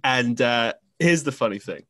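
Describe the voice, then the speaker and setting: Speaking into a podcast microphone with no echo, an English host tells a story at a moderate pace in a mid-range voice. His delivery is expressive, pushed, and bright, rambling and chatty with plenty of fillers and restarts.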